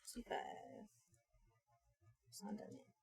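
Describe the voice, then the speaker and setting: A woman's voice: measured pace, a little mellow. A woman streamer chatting casually and thinking aloud, often mumbling to herself at a desk microphone. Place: home streaming setup.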